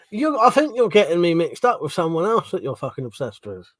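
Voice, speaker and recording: A man's voice: high voice, very animated, normal speed, pushed and bright. A middle-aged man hosting a casual livestream, reading chat messages aloud, swearing freely, laughing and mumbling asides. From Britain.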